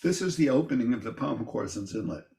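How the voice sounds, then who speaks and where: An older man teaching an informal poetry class. He talks in a thoughtful, halting way with many restarts and fillers. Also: animated, vocal fry, dark tone, roomy sound. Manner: livelier and higher when reading verse aloud.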